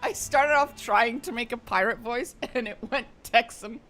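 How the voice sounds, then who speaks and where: A woman's voice: fairly high pitch, normal speed, fairly bright tone, soft background music. A woman streaming a role-playing game, chatting casually with wry, muttered asides. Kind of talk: casual gameplay commentary.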